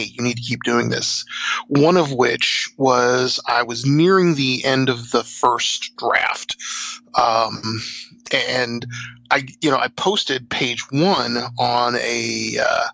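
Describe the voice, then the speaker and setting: Gravelly, laughing middle-aged author. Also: male voice, medium pitch, slow, sharp tone, dry recording, rough recording. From South Texas. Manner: rambling, self-deprecating, laughs often, many fillers. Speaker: author guest on a podcast. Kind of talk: casual conversational storytelling.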